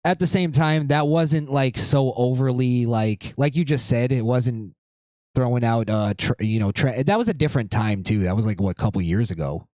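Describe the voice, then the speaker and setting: A man's voice: mid-range voice, normal speed, darkish tone, no echo. Rambling male podcast host, dry sound. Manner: loose, rambling, reads items aloud. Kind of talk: casual podcast chat.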